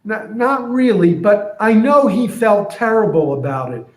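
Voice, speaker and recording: A man's voice: sits high, sing-song, measured pace, pitched above the performer's own voice. A timid, stammering donkey, as a man puts him on. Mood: meek, defensive. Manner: soft, stammering, defensive. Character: meek battered male donkey, loyal, making excuses. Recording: roomy echo.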